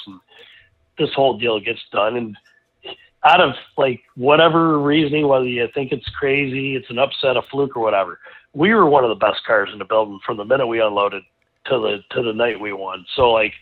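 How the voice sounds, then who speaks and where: A middle-aged man, a guest racing driver, telling a rambling, animated anecdote in casual conversation, full of restarts. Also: medium pitch. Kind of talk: casual storytelling. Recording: tinny phone-like line.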